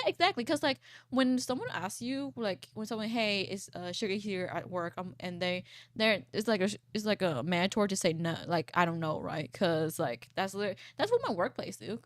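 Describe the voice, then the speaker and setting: A woman's voice: no room sound, studio quality. Chatty woman streamer with a froggy voice. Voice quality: froggy, croaky low voice. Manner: rambling, swears, laughs often. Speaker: VTuber streamer. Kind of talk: casual chat reading posts aloud.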